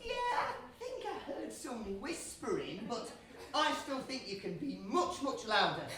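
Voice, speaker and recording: A silly, cheese-loving young man, played by a woman, rallies the crowd in a chummy, playful way. The voice is fairly high and bounces around a lot. It is heard from far off in an echoey theatre with noise around it. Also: very animated, measured pace, fairly bright tone. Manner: chummy, playful, rallying the audience. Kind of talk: stage pantomime, audience participation. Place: theatre stage.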